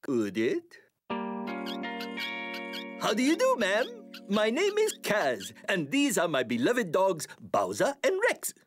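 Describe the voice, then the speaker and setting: A man voicing a greedy, scheming cartoon band manager who talks excitably and does sound-effect impressions. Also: high voice, takes it slowly, long pauses, music in the background, full character voice. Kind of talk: cartoon voice acting.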